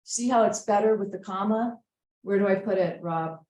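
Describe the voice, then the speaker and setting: A woman's voice: mid-range voice, moderate pace, darkish tone, echoey room, poor audio. A woman teaching a writing class, patiently reading sentences aloud again and again to check the commas. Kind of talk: editing a student essay aloud in class.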